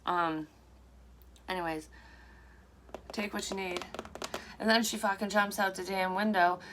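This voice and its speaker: A woman's voice: mid-range voice, fairly even intonation, unhurried, background noise. A woman giving a casual, rambling psychic card reading to her viewers. She talks frankly and swears freely. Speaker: psychic tarot reader. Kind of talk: casual tarot reading to camera.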